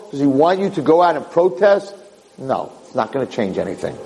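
A man's voice: a little high, slight background noise, poor audio. An older man giving an informal Torah class, telling stories and asking rhetorical questions. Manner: animated storytelling with rhetorical questions. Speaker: Torah teacher.

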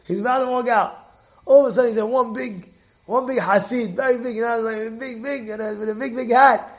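A man teaching a Torah class as an animated storyteller who repeats and restarts his phrases. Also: very high voice, fairly quick.

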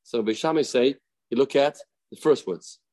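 A man's voice: medium pitch, normal speed, noisy background. A man teaching a daily Talmud lesson, explaining the text, acting out its cases and repeating key phrases for emphasis.

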